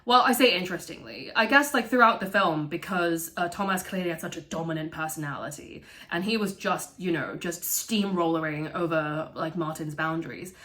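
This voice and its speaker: A woman talking through a film in a casual, animated way, swearing freely and laughing as she goes. Her voice sits fairly low but sounds bright and forceful. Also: normal speed, hardly any pauses. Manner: animated, profane, laughs often. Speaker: vlogger reviewing a film.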